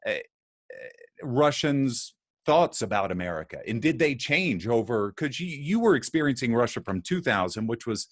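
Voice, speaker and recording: A man interviews a guest, his pitch rising and falling in a lively way as he works through a long question. He stops and restarts, searching for words. The sound is dry and close. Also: moderate pace, dry recording.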